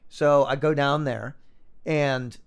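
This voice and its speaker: A man in his thirties, a podcast guest, telling a long story in a casual, animated way with lots of fillers. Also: mid-range voice, slow pace, gravelly, smooth. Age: 30s. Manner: animated anecdote, fillers and acted-out quotes.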